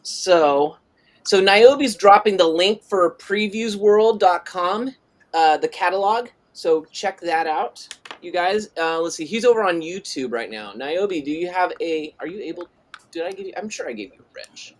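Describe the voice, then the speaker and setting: His voice is high and animated, though he takes his time. The middle-aged man is running a live drawing stream, talking casually, wandering between topics, and reading chat messages out loud.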